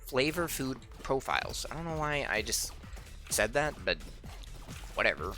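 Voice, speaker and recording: A man's voice: mid-range voice, sing-song, moderate pace, sharp tone. A young man telling a rambling, chatty story while playing a game, with faint game music behind him. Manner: rambling, chatty, acts out quoted people. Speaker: let's play host. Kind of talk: casual storytelling over gameplay.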